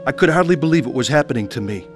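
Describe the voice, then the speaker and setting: A man's voice: mid-range voice, animated, very fast, over loud music. A man earnestly narrating and acting out his own conversion story, pleading with his family. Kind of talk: dramatized testimony narration.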